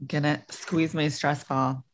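A woman hosts a podcast interview and offers brief sympathetic interjections while her guest talks. Her voice sits very low for a woman. A clear hiss runs under her recording. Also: flat delivery, takes it slowly. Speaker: podcast host. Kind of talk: casual interview listening. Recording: noisy background hiss.

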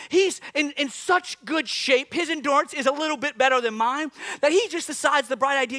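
A man preaches with a high, bright voice and tells a funny story in an animated way. The sound is dry and close, and his voice is sharp and tense. He acts out gasping for breath between lines. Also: brisk, hardly any pauses, dry recording. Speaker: pastor. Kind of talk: sermon with comic story.

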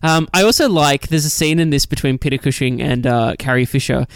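A man's voice: mid-range voice, a little fast, clear, resonant tone, no room sound, studio quality. A man co-hosting a casual film podcast, talking with enthusiasm and many fillers and restarts.

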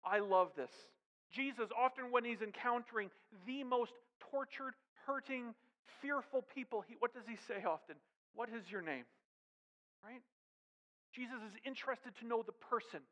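A man preaching a sermon in an animated way, with joking asides and questions to the congregation. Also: very high-pitched, normal speed, in a large hall, muffled recording. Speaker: pastor.

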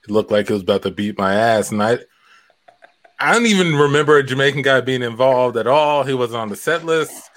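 A man in a comedy sketch telling a story in an earnest, halting way. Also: mid-range voice, animated, fairly bright tone.

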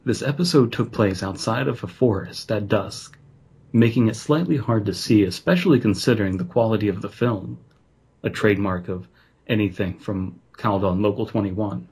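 A man reads a creepy story aloud for a podcast, stopping now and then for easygoing banter. His voice sits low and has a husky edge. He sounds relaxed and is easily amused. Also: normal speed. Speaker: podcast co-host and story reader. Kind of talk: reading a horror story aloud with casual banter.

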